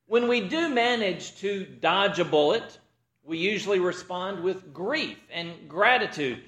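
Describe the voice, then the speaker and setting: A man preaching a sermon, opening with a joke and acting out its characters in an animated storytelling manner. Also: high voice, unhurried, roomy sound.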